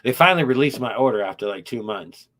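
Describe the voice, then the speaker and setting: A man's voice: mid-range voice, lively intonation, fast, a bit bright. A middle-aged man hosting a casual podcast chat, telling rambling, profane, wry stories about his YouTube channel.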